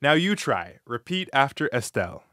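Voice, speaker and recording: A man hosting a scripted language lesson, modeling phrases slowly and clearly with encouraging feedback. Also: mid-range voice, sing-song, noisy background. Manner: slow, clear, encouraging pronunciation drills.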